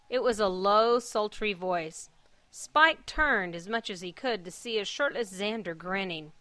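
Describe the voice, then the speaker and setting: A woman hosting a podcast, reading a story aloud in an earnest, measured way. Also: medium pitch, animated, sharp tone, no echo. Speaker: podcast host and fanfic reader.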